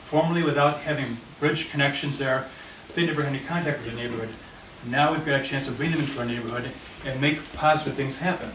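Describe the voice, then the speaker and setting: A man talks fast in a mid-range voice while presenting to a committee, pointing listeners through a handout map of his neighborhood. Echo fills the meeting room, the microphone is distant, and there's a lot of noise.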